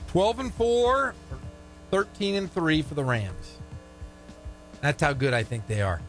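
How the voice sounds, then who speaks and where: A man's voice: a little high, lively intonation, unhurried, a bit bright, faint music behind. A man co-hosting a sports radio show, making confident, emphatic predictions in casual chat. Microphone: studio microphone.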